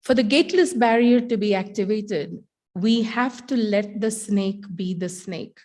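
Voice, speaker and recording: A middle-aged woman, a teacher, giving a keynote talk in an animated storytelling manner. Her voice sits at an ordinary middle pitch. She delivers her points with wry humor and well-placed dramatic pauses.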